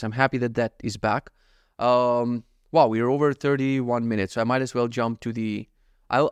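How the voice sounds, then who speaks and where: A man's voice: medium pitch, no room sound, clean studio sound. A man in his thirties hosting a casual solo podcast, rambling and self-deprecating and swearing freely as he talks from his home office. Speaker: podcast host.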